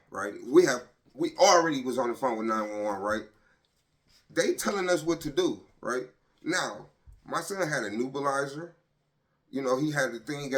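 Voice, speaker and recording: A man telling the story of losing his son. He speaks heavily and haltingly, and keeps checking in with "right?" and "you know". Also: mid-range voice, fairly bright tone. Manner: heavy and emotional, voice dropping when he speaks of his pain. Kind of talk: personal storytelling to camera.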